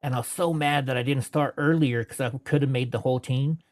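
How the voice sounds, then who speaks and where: A man's voice: mid-range voice, fairly even intonation, brisk. A man in his forties telling long stories as an interview guest, rambling and correcting himself as he goes. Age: 40s. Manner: rambling, self-correcting, laughs between anecdotes; puts on voices when quoting people. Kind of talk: storytelling in casual interview.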